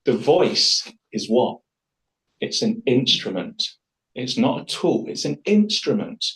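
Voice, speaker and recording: A man's voice: mid-range voice, fairly bright tone, low-quality recording. A man leading a live public speaking workshop, talking to the group in a chatty, enthusiastic way with frequent restarts.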